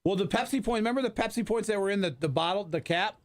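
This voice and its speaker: A man's voice: sits high, quick pace. A man in his forties in loose, profane, rambling chat on a radio talk show. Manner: profane, rambling banter with restarts. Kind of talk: casual chat.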